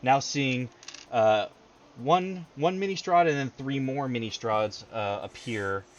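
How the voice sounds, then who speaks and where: A man runs a tabletop game as game master, describing hits and rolls in an easygoing way with quick asides. The stream audio sounds dull and lo-fi, with faint background hiss. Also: mid-range voice. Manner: easygoing, laughs often, fast asides. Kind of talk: running a tabletop game, casual.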